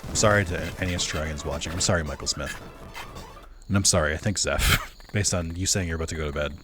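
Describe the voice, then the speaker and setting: A man with a bass voice talks fast against background music during a live stream where he plays. His commentary wanders, heavy on filler, as he chats with viewers and keeps correcting himself.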